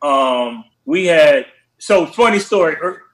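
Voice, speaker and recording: Guy producer telling studio stories all animated, kinda high voice, roomy echo. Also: slow pace. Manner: animated, acts out quotes with shouted voices. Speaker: music producer guest. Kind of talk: casual storytelling interview.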